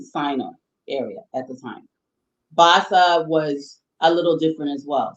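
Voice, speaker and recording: Woman explaining history in a roomy room. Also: low voice. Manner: thoughtful, explains at length with restarts. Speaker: guest presenter on history. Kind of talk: explanatory conversation. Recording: roomy, slightly dull sound.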